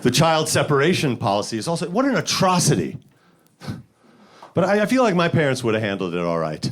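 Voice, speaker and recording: A man from the Bronx, performing a stand-up comedy set with deadpan setups and sudden loud punchlines. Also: a little high, a little fast, background noise. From the Bronx, New York. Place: comedy stage with live audience.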